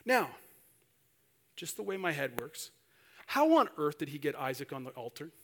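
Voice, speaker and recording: Guy preaching a sermon, tells the story all animated, slightly high voice. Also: normal speed.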